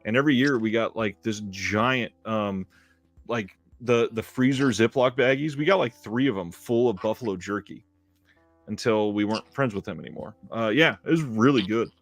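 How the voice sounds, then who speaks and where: A man co-hosting a film podcast in casual chat, easygoing, often laughing and pausing on fillers. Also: fairly low pitch, no echo, soft background music. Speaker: podcast co-host.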